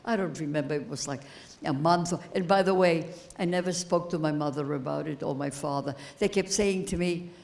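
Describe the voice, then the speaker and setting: A woman in her eighties giving a personal testimony as keynote speaker, slow and halting, repeating phrases as she grows emotional. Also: low voice, creaky, darkish tone. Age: 80s. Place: high school event hall.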